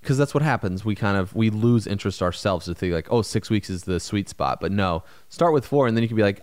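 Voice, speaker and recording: A man in his thirties co-hosting a podcast, talking casually and giving advice with quick asides. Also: on the low side, darkish tone, dry recording, studio quality. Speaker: podcast co-host. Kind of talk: casual chat.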